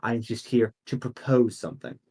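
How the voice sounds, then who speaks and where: A man's voice: medium pitch, lively intonation, a little fast, warm tone, slightly rough. A man voicing a poised, ambitious woman merchant who speaks formally. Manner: formal, polite.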